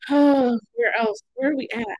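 A woman's voice: a little high, fairly even intonation, normal speed, low-quality recording. A woman crafter on her own channel, talking casually in a rambling, exasperated, self-interrupting way from home. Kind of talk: casual vlog rant.

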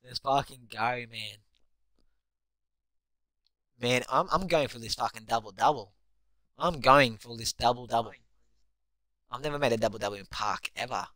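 A young man giving live commentary on his own basketball video game, excitable and swearing constantly as he yells at teammates. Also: medium pitch, moderate pace, long pauses, no echo. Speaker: gamer.

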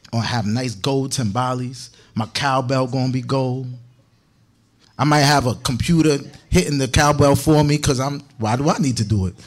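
Playful, laughing male preacher. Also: mid-range voice. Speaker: congregation teacher. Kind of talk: joking sermon talk.

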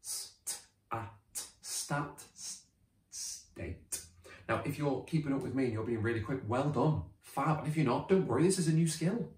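A British man teaching a children's phonics lesson, sounding out words slowly and cheering the children on. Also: medium pitch, reverberant. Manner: animated, drawn-out sounding out of words.

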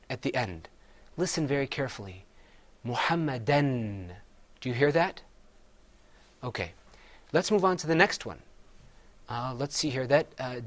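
A man teaching Quran recitation, patiently having his students repeat words after him. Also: medium pitch. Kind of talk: classroom recitation lesson.

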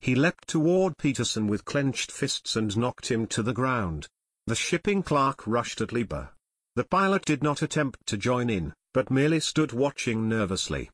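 A man narrating an audiobook in a steady storytelling manner, recorded close on a studio mic. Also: mid-range voice, moderate pace, breathy edge, no echo. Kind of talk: scripted narration.

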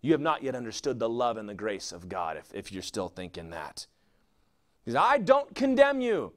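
A man's voice: fairly low pitch, expressive, brisk. A man preaching a sermon as a pastor, asking rhetorical questions and answering them himself.

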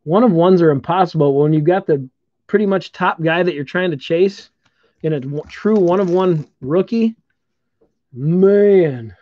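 Slow-talking man hosting a live card break. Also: high-pitched, no echo. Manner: upbeat, congratulating viewers while calling out cards. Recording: dull lo-fi stream audio.

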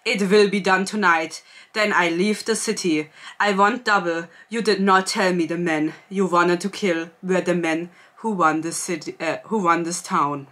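Curt German hired killer, bright tone, clipped demands, read out by a woman. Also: lowish voice, fairly even intonation, moderate pace, close to an everyday voice. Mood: cold. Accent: put-on German accent. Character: cold German male hired assassin.

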